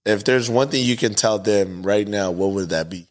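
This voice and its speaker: A man's voice: fairly low pitch, normal speed. A man hosting a podcast, asking his guest questions in a laid-back, casual way. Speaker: podcast host. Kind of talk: casual interview.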